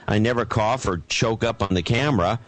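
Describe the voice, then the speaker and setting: Low-voiced podcast guy, dry and matter-of-fact, bit gruff, faint music behind. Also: brisk. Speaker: podcast co-host. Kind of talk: casual chat. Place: Silicon Valley, California.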